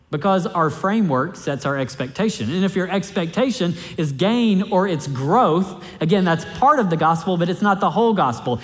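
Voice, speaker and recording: Man preaching in a reverberant hall. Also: on the high side. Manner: conversational preaching, repeats key phrases for emphasis. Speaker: pastor. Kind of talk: sermon.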